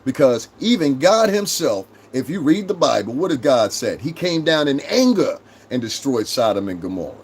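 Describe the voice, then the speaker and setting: A livestream host rants profanely and combatively at normal speed, very animated with hardly any pauses and a breathy edge to his voice. He berates the people in his chat, mocking commenters in high, mimicking voices.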